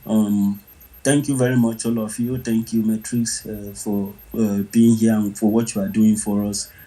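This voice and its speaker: A man from Nigeria hosting an online group audio chat, with halting speech full of fillers and restarts. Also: fairly low pitch, level tone, dark tone, rough recording. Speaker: host of an online audio space.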